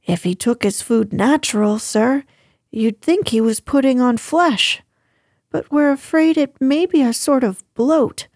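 A woman's voice: high voice, measured pace, darkish tone, no echo, studio quality. A woman doing a flustered old-fashioned housekeeper. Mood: fussing. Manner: fussy, hesitant. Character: flustered middle-aged housekeeper, deferential.

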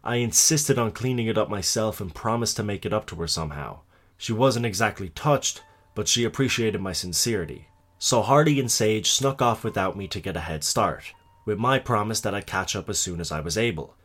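Low, husky man narrating a horror story. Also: lively intonation, fairly quick, a bit bright.

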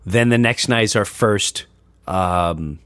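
A man hosting a podcast, chatting casually and excitably about upcoming shows. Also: on the low side, slow pace, clear, resonant tone, no echo. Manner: excitable, animated storytelling. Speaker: podcast host and comedian. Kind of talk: casual chat.

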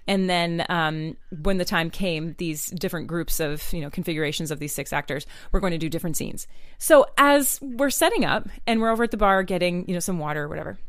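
A woman's voice: on the low side, expressive, fairly quick, dry recording. A woman from Maine, co-hosting a podcast and telling a story in casual chat, acting out the dialogue. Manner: chatty, acts out quoted dialogue. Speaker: podcast co-host.

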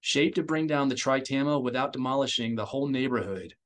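A man's voice: medium pitch, a little fast, fairly bright tone, close to an everyday voice. Loyal male aide done by a man, audiobook, urgent, firm, a bitter edge. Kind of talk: audiobook character voice.

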